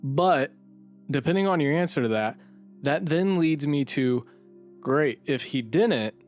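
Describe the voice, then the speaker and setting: Casual: woman from the midwest riffing on a history podcast, voice jumps all over, soft music under. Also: low voice, animated. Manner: reactive, jokey, quick asides. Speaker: podcast co-host.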